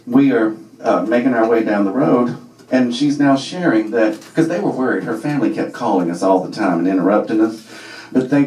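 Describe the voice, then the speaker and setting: A man's voice: medium pitch, mellow. A man from Alabama, telling a comic story to a live audience in a wry, conversational way full of fillers. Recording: echoey room, voice from far off.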